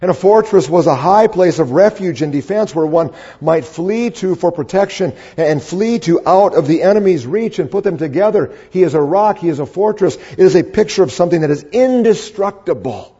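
A male pastor delivering a sermon in an earnest, measured way, leaning hard on key words. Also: high-pitched, expressive, dark tone, breathy edge, highs cut off. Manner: earnest, measured preaching with emphatic stresses.

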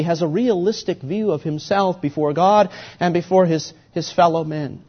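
A man preaching a sermon in a deliberate, emphatic way, his volume swelling and dropping. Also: sits high, dull audio.

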